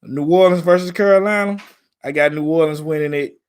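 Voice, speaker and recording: A man's voice: on the high side, brisk, smooth. A man from Memphis with a Southern accent, hosting a casual live stream about football in a laid-back, slangy way. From Memphis, Tennessee.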